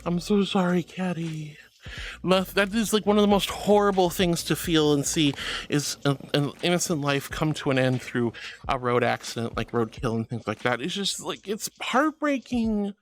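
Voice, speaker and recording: A man with a slightly high voice, fairly even intonation and normal speed hosts a casual livestream over slight background noise. Calling himself a yapper, he reads his chat aloud, apologizes a lot, and addresses viewers as sweetie and honey.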